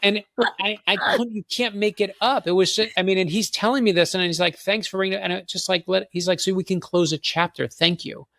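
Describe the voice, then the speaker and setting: A man, a guest on a show, telling a long personal story in a fast, animated way and acting out the other people in it. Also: high voice, gravelly, no echo. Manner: excited, fast anecdote with quoted voices. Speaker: guest author.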